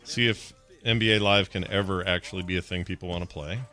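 A man co-hosting a live stream, chatting casually and excitably as he reacts to game trailers. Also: low-pitched, fast, soft background music. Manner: excitable, jokey, lively intonation. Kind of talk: casual chat.

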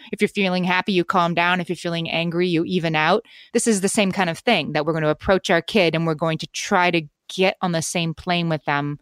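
A woman's voice: fairly low pitch, smooth, no echo, clean studio sound. A woman in her forties co-hosting a podcast, talking things through earnestly in casual chat and restarting her sentences as she thinks. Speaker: podcast co-host.

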